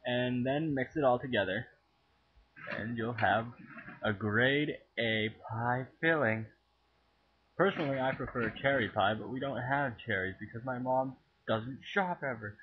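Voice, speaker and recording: A teenage boy goofing around while he films himself cooking at home, crude and joking, with sudden loud yells. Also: mid-range voice, measured pace, slightly rough. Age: teens. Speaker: home cooking video maker. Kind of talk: goofy profane cooking vlog. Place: home kitchen. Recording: tinny lo-fi home camera audio.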